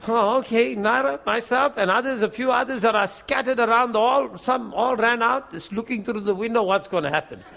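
A male preacher tells a testimony in a lively way, breaking into laughter and acting out each voice in the story. His voice sits high for a man. It has a bright, forceful edge. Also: fairly quick, gravelly, hardly any pauses. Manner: animated, laughs often while telling the story.

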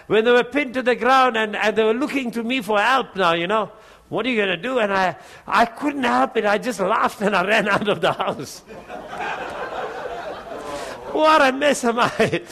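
High, bright-voiced male preacher telling a story. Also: normal speed. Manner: animated, laughs often while telling the story; acts out the voices and prayers in his story. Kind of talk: sermon testimony storytelling.

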